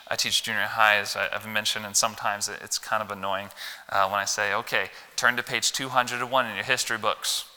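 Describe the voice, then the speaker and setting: Midwestern male preacher, folksy and animated, loud emphasis then low asides; crisp tone, reverberant sanctuary. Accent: Midwestern American. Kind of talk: Wednesday church sermon. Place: church sanctuary. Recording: long hall reverb.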